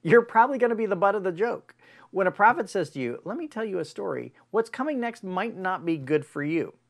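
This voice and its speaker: A man preaching a sermon as pastor, telling stories in an animated way. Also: brisk. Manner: animated storytelling with big pitch swings.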